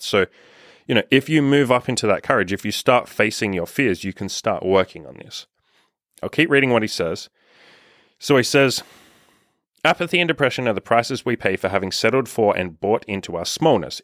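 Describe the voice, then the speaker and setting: A man's voice: fairly low pitch, fairly bright tone, dry recording, clean studio sound. A young man coaching on dating, talking bluntly with frequent swearing and reading passages aloud from a book. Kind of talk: motivational monologue with book reading.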